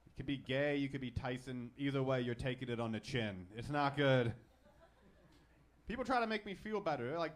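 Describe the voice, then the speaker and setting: A man's voice: mid-range voice, animated, fairly quick. A man in his twenties with a lisp and a stutter, doing a crude, self-deprecating stand-up comedy set on a club stage. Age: 20s. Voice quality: speech impediment with a lisp and stutter.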